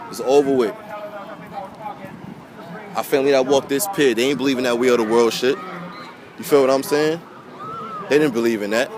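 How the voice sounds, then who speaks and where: A man giving an impassioned, emotional monologue to camera outdoors by a pier, preachy and repetitive, swearing and calling his viewers family. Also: mid-range voice. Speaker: vlogger. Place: outdoors by a pier near water. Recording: outdoor wind and water noise.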